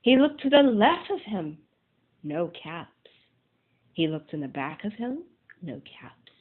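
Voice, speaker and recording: Slow storybook-reading woman. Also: low voice, sing-song, breathy edge. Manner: slow, deliberate reading with dramatic pauses. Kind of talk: reading a children's picture book aloud. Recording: tinny phone-like sound.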